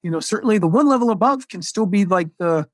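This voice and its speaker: A man's voice: sits high, animated, fast talker, no room sound, clean studio sound. A man hosting a casual business chat, upbeat and chatty with lots of fillers. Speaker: podcast host, marketing coach.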